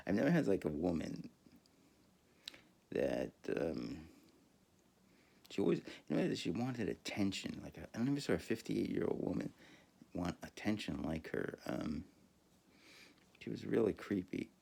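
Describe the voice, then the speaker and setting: Man podcaster, very low gravelly voice, rambling profane monologue with lots of ums and self-laughs. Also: very animated, a little slow, pauses often, a little mellow. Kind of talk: casual monologue storytelling.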